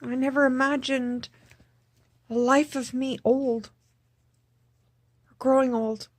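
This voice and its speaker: A woman recording a personal video diary, speaking in a subdued, tearful, halting way and repeating herself. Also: high voice, level tone, no echo. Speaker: vlogger.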